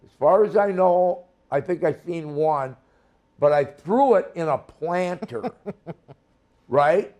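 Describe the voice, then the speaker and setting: Older guest from Minnesota, high-pitched and unhurried, blunt and salty. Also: male voice, lively intonation, a little mellow, lo-fi sound. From Minnesota, USA. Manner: blunt, profane, heated storytelling. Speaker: guest, former wrestler. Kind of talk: storytelling interview.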